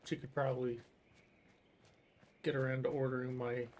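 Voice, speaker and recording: A man's voice: mid-range voice, little pitch movement, moderate pace, darkish tone, a little hiss or hum. A young man streaming a game, chatting casually, rambling, and swearing freely. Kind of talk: casual chat while gaming.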